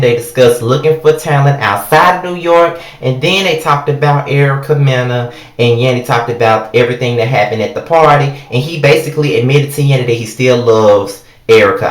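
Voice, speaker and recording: A woman's voice: extremely low pitch, moderate pace. A woman reviewing a reality show in a casual, blunt, heavily profane rant, talking straight at the people in it. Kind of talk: casual ranting recap. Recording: echoey room.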